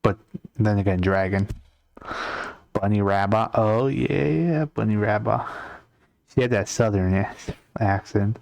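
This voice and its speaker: A young man talks loosely with his live-stream chat as he draws, rambling from one comment to the next. His voice sits low with a gravelly fry in it. The sound is dry and close, with no room around it. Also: measured pace, pauses often, a little mellow, dry recording. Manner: rambling, chatty, reads chat aloud and answers. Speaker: art streamer. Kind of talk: casual live-stream chat while drawing.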